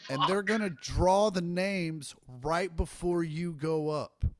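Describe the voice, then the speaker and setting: Middle-aged man, stand-up comic, rowdy profane storytelling, slightly high voice, dry close mic. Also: measured pace, no echo. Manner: profane, animated anecdote telling with acted-out quotes. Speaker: stand-up comic and podcast guest. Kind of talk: casual storytelling chat.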